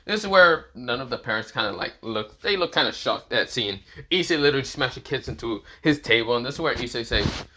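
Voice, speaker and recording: A man's voice: medium pitch, animated, a little fast, bright, forceful tone. A young man casually narrating an improvised fan story, rambling and filling gaps with repeated phrases. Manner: rambling, many fillers like "this is where, well".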